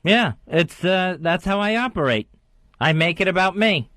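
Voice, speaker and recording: A man's voice: sits high, lively intonation, moderate pace, pushed and bright, dry recording, studio quality. A man co-hosting a talk radio show, talking in a subdued, self-critical way. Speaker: radio co-host. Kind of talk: casual talk radio chat.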